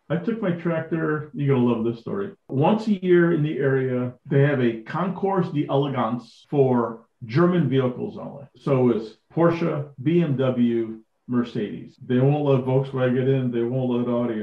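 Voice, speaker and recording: A man guest on a podcast, telling lively anecdotes and acting out the people in them. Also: mid-range voice, roomy sound, lo-fi sound. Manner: animated anecdote-telling with quoted dialogue. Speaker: podcast guest, tractor collector. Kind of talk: casual storytelling.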